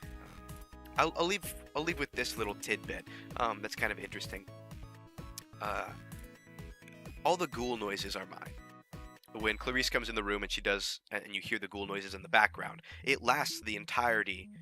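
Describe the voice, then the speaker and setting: A man talks casually about making his fan audio drama, in a somewhat low voice with a strikingly bright, forceful edge. He rambles and restarts often, leaning on fillers as he goes. Faint music plays beneath his voice. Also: moderate pace, long pauses. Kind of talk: casual behind-the-scenes talk.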